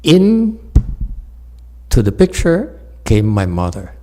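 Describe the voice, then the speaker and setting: A man's voice: mid-range voice, huge pitch swings, slow, dark tone. A man, a Buddhist meditation teacher, giving an informal dharma talk, telling stories with jokes and frequent laughter and talking straight to his listeners. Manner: jokey, laughs often, talks straight to listeners.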